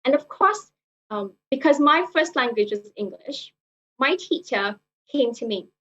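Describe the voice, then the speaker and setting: A young woman speaking earnestly, her pitch sitting on the higher side. She tends to repeat her phrases and fall back on filler words. The recording is muffled and lo-fi. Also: animated, unhurried, fairly bright tone. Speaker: club speaker. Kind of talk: prepared personal speech.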